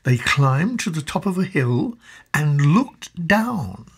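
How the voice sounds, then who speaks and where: A woman narrating a children's storybook in an expressive, slow storytelling manner. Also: deep voice, breathy edge.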